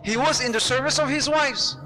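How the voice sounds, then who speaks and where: A man preaching to a live audience. He tells stories in an animated way, acts out the voices and mixes Arabic phrases into his talk. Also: very high-pitched, brisk, in a large hall, soft background music. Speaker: Islamic preacher.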